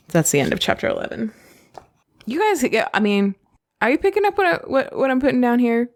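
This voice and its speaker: A woman podcast host reading a novel aloud and breaking off with gushing, excitable asides. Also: fairly high pitch, brisk.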